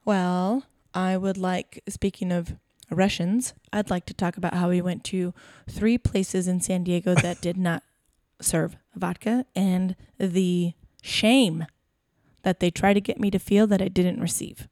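A young woman co-hosting a podcast in casual chat, playful and quick to laugh, slipping into animated rants. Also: on the low side, no echo, studio quality. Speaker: podcast co-host.

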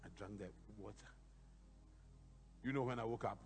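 A bishop preaching a sermon, telling animated stories with sudden shouted emphasis. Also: male voice, lowish voice, normal speed, in a large hall.

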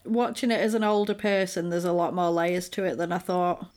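A woman, co-hosting a podcast and recapping a film in a casual chat, animated and acting out quotes. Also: lowish voice, fairly quick. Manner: animated storyteller, acts out quotes.

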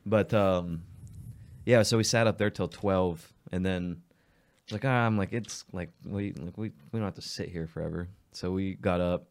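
A young man co-hosting a podcast, telling stories in a relaxed, rambling way with lots of fillers. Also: deep voice, normal speed. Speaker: podcast co-host. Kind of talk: casual chat.

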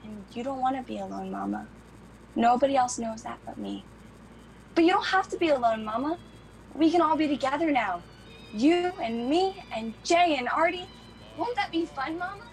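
Childlike grown daughter, highish voice, eager, coaxing run-on sentences, film drama. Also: female voice, very animated, moderate pace, poor audio. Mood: pleading. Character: childlike, eager adult daughter pleading with her mother. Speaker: adult daughter.

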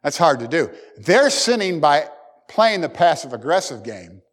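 A male pastor preaches an earnest sermon, acting out the voices of the people he quotes. His voice sits a little high for a man. It rings with the long reverb of a large church hall. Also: very animated, a little slow.

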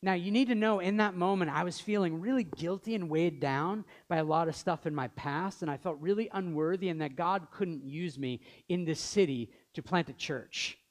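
A man's voice: high-pitched, normal speed, few pauses. A man in his thirties preaching a sermon as pastor, telling stories earnestly and acting out the dialogue. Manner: earnest storytelling, acts out dialogue.

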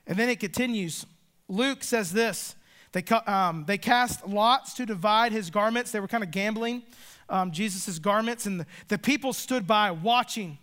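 A man preaching a sermon as pastor, earnest and emphatic, with dramatic pauses. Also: high-pitched, fairly bright tone.

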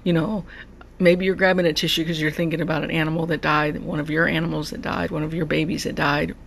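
Gravelly-voiced heartfelt podcast host. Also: mid-range voice, level tone, quick pace, fairly bright tone, a little hiss or hum. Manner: heartfelt, repeats and restarts words. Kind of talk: emotional personal monologue. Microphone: podcast mic.

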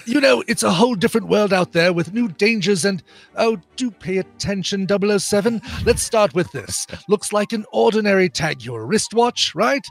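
A man's voice: high-pitched, animated, moderate pace, vocal fry, no echo, pitched above the performer's own voice, exaggerated voice. A man doing a comic impression of a fussy older gadget quartermaster, prim and scolding.

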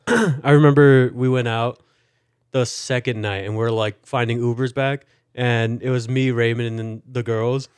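A man's voice: mid-range voice, clear, resonant tone, dry recording, studio quality. A young man in casual podcast chat, telling a story and acting out what his friends said. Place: podcast studio.

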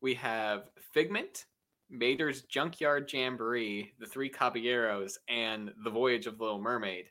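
Man, podcast host, bright voice, upbeat, laughs a lot, casual chat. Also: mid-range voice, a little slow. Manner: upbeat, laughs often, reads lists aloud. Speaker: podcast host running a naming game.

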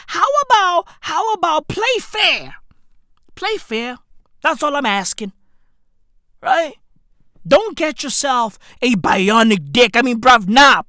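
A woman with delivering a profane comedic rant, swearing a lot and breaking into shouts. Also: sits high, very animated, takes it slowly, pauses often, dry recording, clean studio sound. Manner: slang-heavy, swearing, bursts of shouting.

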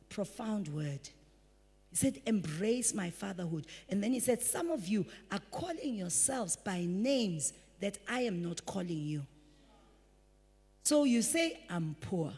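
A woman pastor preaching a sermon, animated, slipping into quoted voices. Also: mid-range voice. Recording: breathy voice in a large reverberant hall.

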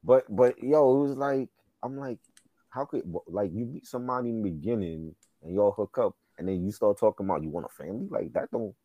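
A man's voice: on the low side, a little fast, warm tone, no echo. A young man, telling a story in casual podcast chat and stumbling over his sentence starts. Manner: storytelling, repeats words while starting sentences.

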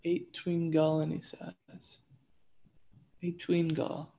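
A woman chatting as a podcast guest over a Zoom call, hesitant and laughing often, sounding out words slowly. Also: fairly low pitch, completely flat delivery, gravelly, lo-fi sound. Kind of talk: casual chat.

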